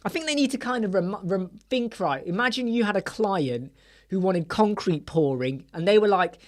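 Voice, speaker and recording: A man's voice: high voice, animated, normal speed. A man in his forties hosting a casual live chat, rambling and joking, often breaking off mid-thought. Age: 40s. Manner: rambling, jokey, self-interrupting. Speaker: web design livestream host.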